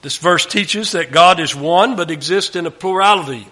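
A man giving a Bible teaching, emphatic, often dropping his voice low at the end of a phrase. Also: normal speed. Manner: emphatic, drops to a hush at phrase ends. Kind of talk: sermon.

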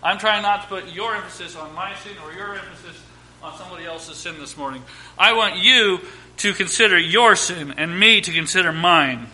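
A man in his thirties preaches a sermon with a high, very bright voice. He hammers home lists and repeated phrases, then falls to quiet asides. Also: moderate pace. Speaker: pastor.

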